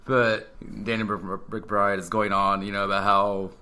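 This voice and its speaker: Male podcast co-host, bright and forceful voice, relaxed and quick to laugh. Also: on the low side, smooth. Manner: laid-back, laughs easily. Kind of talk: casual film review chat.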